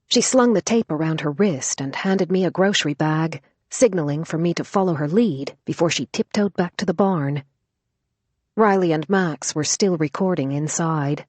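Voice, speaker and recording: A woman narrating an audiobook thriller in a brisk, lively storytelling manner. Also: low-pitched, no room sound.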